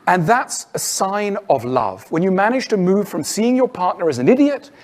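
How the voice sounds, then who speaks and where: A man with a high, very lively voice delivers a persuasive public talk. He leans hard on key points and slips into quoted inner voices to act them out. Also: moderate pace. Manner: emphatic, persuasive. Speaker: public speaker. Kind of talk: lecture-style public talk.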